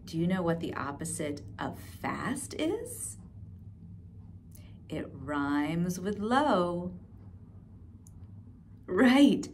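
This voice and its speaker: A woman's voice: fairly low pitch, sing-song, very slow, long pauses, a little mellow, slight background noise. A woman librarian leading a storytime rhyme for young children, coaxing and sing-song.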